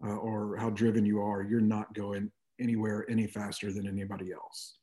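A man's voice: lowish voice, little pitch movement, fairly quick, warm tone. A middle-aged man talking reflectively as an interview guest, with frequent "you know" asides. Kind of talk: conversational interview.

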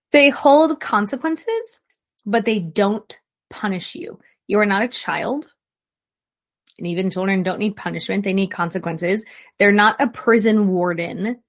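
A woman therapist giving casual, direct relationship advice in an emphatic voice, firing off rhetorical questions. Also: medium pitch. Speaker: licensed therapist.

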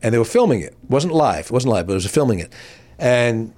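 Animated older man telling a story. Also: fast. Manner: animated, acts out quotes with big pitch jumps. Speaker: podcast host. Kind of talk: casual storytelling chat.

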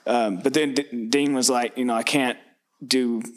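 A man's voice: mid-range voice, steady tone, moderate pace. A man, a filmmaker, talking casually and a bit hesitantly about making his film. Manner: easygoing, hesitant with fillers. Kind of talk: casual interview talk.

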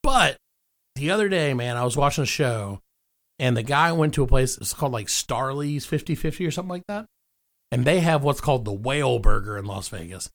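Podcast host, young man, gravelly and animated, higher voice, rambling jokes. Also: a little fast. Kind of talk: casual podcast banter.

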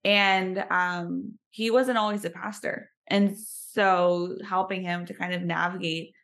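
Woman guest, 30s, lowish voice, rambling casual chat. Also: fairly even intonation, slow pace, a bit bright. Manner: chatty, many fillers like "like".

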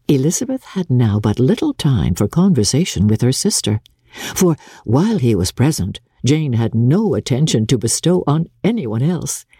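Husky, dramatic woman narrator. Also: extremely low pitch, dry recording, clean studio sound. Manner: expressive, theatrical storytelling. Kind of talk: dramatic reading of a classic novel.

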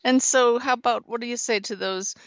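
A woman hosting an interview, encouraging her guest with warm affirmations. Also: fairly high pitch, steady tone, a little fast, no echo. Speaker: podcast host, medium. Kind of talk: interview host. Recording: dull lo-fi sound.

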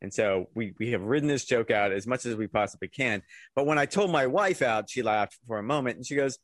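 Fifties male co-host, relaxed and good-natured, mid-pitch, dry close sound. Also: a little fast, no room sound. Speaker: podcast co-host. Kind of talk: casual podcast chat.

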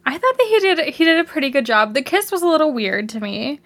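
A woman's voice: high voice, big pitch swings, quick pace, a bit bright. A Canadian woman co-hosting a podcast, chatting casually and laughing often. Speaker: podcast co-host. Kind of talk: casual chat.

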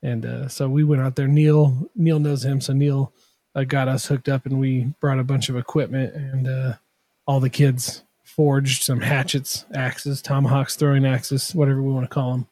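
A man's voice: mid-range voice, little pitch movement, normal speed, mellow, dry recording. A man, a guest on a podcast who builds machine tools, talking in a rambling, self-deprecating way full of fillers. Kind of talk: casual podcast chat.

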